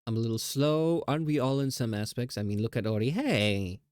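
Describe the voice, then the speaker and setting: A man's voice: mid-range voice, animated, a little fast, a little mellow, no room sound, studio quality. A man streaming live, chatting casually in a rambling, self-teasing way with laughs.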